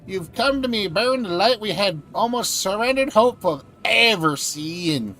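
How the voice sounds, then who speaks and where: Streamer doing a ceremonial old elder, wandering Southern-to-Celtic accent, slightly high. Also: male voice, animated, a little slow, sharp tone, exaggerated voice. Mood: solemn. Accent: wobbly put-on Southern US drifting Irish or Scottish. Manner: grand, ceremonial reading aloud.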